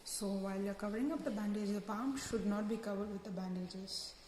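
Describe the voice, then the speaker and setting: A woman's voice: medium pitch, brisk, a little mellow. A woman giving short, step-by-step instructions for bandaging a hand and fingers. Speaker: medical student demonstrating bandaging. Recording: echoey room with faint noise.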